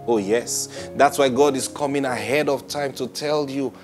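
A man preaching a Bible study sermon, animated, acting out quoted voices and laughing often. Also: medium pitch, moderate pace, over music.

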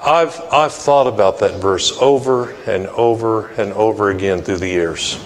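A man's voice: on the low side, unhurried, long reverb tail, slight background noise, low-quality recording. A male pastor preaching a sermon, telling a personal story in a folksy way and acting out the people in it. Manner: folksy, acts out quoted voices. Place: church sanctuary.

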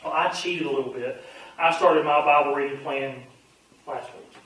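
A man's voice: on the high side, moderate pace, a bit bright, far from the mic. A man, a pastor teaching a Bible study in a folksy, earnest, conversational way with frequent fillers. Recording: very echoey room, voice off-mic with faint hum.

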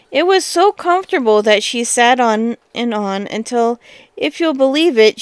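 A woman reads a fairy tale aloud in a smooth, fairly high voice. Her telling is expressive and breaks into lively exclamations now and then. The recording is dry and close. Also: dry recording. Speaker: storyteller.

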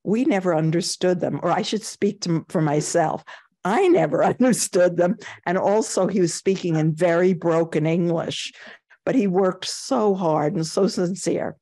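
Giving a dharma talk as a Zen teacher, an older New York woman speaks in an unhurried, mellow, lowish voice. Her talk is full of anecdotes, and she chuckles and performs the voices she quotes.

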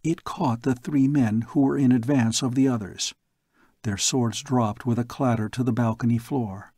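A man narrating a pulp science fiction story aloud in a slow, measured storybook reading. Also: mid-range voice, fairly even intonation, dark tone, slightly rough, no room sound, studio quality. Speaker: audiobook narrator.

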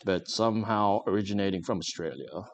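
Posh tea snob done by a man, prim, haughty, drawn-out words, low-ish voice. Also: expressive, a little hiss or hum.

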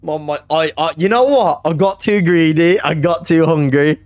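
A young man streaming a game, hoarse from a sore throat, talking loosely and swearing. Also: on the high side, moderate pace, no echo. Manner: panicky, yelling, repeating himself, swearing. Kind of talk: live gaming stream commentary. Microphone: streaming mic.

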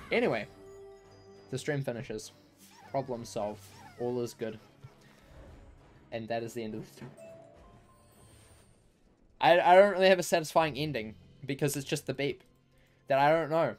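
A man talking casually to his live stream audience, rambling through a story with plenty of fillers and false starts. His voice sits at a middle pitch, with soft music playing quietly behind him.

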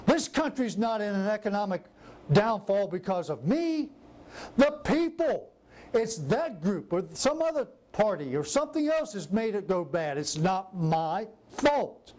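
A man's voice: high-pitched, moderate pace. A man preaching a sermon who acts out scripture scenes in different voices. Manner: animated, acts out biblical quotes in varied voices.

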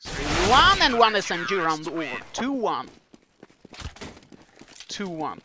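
A man giving live play-by-play commentary on a competitive shooter match. He is excitable and joking, repeats his phrases, and breaks into shouts at big plays. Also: sits high, takes it slowly, background noise. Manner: repeats phrases, fillers, non-native English phrasing. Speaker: esports commentator.

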